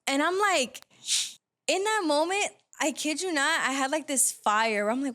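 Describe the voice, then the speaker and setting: A woman hosting a podcast, telling a story in a chatty, animated way, with plenty of "like" fillers. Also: high voice, normal speed. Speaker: podcast host. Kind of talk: casual podcast chat.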